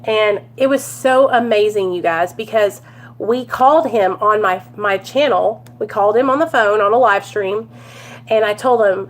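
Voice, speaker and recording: A woman's voice: mid-range voice, normal speed. A woman chatting at home to her viewers, telling a story and calling them you guys and y'all. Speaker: recovery vlogger.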